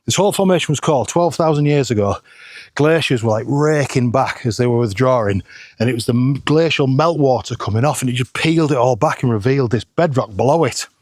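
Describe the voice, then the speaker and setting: A man's voice: medium pitch, a little fast, a little mellow, no echo, studio quality. A middle-aged man, chatting casually and joking at his own expense while vlogging outdoors on a hillside. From England. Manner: chatty, self-deprecating, jokey. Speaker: photography vlogger.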